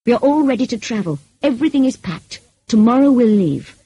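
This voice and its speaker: A woman reading the lines of a brooding, passionate middle-aged gentleman in an audiobook, in an intense, pleading manner. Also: fairly high pitch, animated, brisk, breathy edge, no room sound, voice pushed up, full character voice, poor audio.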